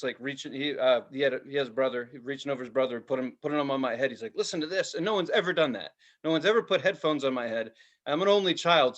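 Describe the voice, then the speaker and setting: A man in his forties, co-hosting a casual podcast chat, telling stories with lots of swearing and acted-out quotes. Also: mid-range voice. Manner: animated storyteller, swears freely, acts out quotes. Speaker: podcast co-host.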